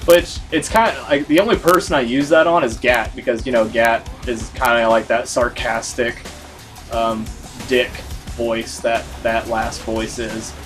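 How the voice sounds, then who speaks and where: A man chats through a let's-play video, rambling and leaning on "like" between thoughts. He talks slowly in a mid-range voice, with faint game music underneath. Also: medium pitch, steady tone, a bit bright. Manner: rambling, full of "like" fillers. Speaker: gaming video host. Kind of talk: casual let's-play commentary.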